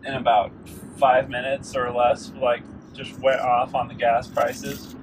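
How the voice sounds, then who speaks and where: A man's voice: medium pitch, flat delivery, measured pace, far from the mic. A man co-hosting a podcast, chatting casually and ranting sarcastically while driving a car. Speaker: podcast co-host. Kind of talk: casual chat. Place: moving car. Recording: noisy car interior, off-mic.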